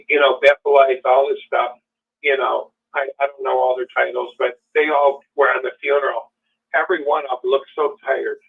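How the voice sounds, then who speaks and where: A man's voice: mid-range voice, vocal fry, slightly rough. An older man, a guest calling in, telling personal stories in a rambling, emotional way. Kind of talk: casual conversation. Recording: tinny phone line.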